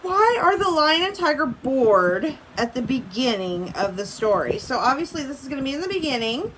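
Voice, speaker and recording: A woman's voice: sits high, sing-song, moderate pace, fairly bright tone, a little hiss or hum, rough recording. Casual young woman teacher reading to class. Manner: casual, filler-heavy explaining with light laughs. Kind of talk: reading aloud and explaining to a class.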